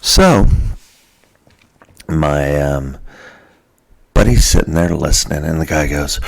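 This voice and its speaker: Man, very low voice, slow delivery, casual anecdote, plays the voices of people in the story. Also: vocal fry. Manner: animated, jokey, acts out quoted people. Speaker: podcast host.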